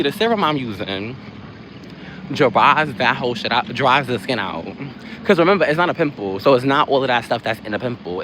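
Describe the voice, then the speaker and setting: A man chatting casually on a live stream while walking outdoors, rambling from one topic to the next with quick asides. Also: mid-range voice, fairly bright tone. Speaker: livestream host. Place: outdoors on a busy city street. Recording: noisy street with passing traffic.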